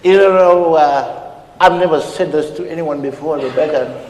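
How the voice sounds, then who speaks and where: A man's voice: fairly high pitch, moderate pace, natural voice. A man playing a tipsy, smug Samoan uncle with a Samoan accent, a self-styled ladies' man who flirts in flowery romantic lines in a live comedy act. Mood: crooning, flirty. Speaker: comedian in character. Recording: echoey hall with loud background noise.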